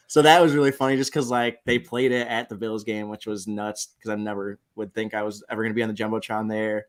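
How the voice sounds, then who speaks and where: A man's voice: mid-range voice, little pitch movement, fast talker, clear, resonant tone. A man in his twenties, a podcast guest, chatting casually with lots of "like" fillers. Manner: laid-back, peppered with "like". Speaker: podcast guest, sports superfan. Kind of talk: casual interview chat.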